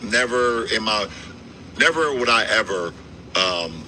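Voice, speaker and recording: A man on a podcast clip talks in a blunt, exasperated way and swears freely. His voice is lowish and very bright, with a hard edge. Light noise runs under the clip. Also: animated, slow pace, poor audio. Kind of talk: heated podcast talk.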